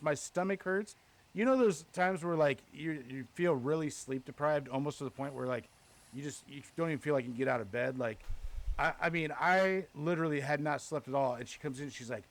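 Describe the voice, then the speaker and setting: A man with a slightly high voice tells a story on a podcast, loose and chatty. He curses often and acts out each exchange in quoted dialogue, jumping between his own lines and the other people's. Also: moderate pace. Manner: animated, profane, retells with quoted dialogue. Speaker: podcast host. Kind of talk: casual storytelling chat.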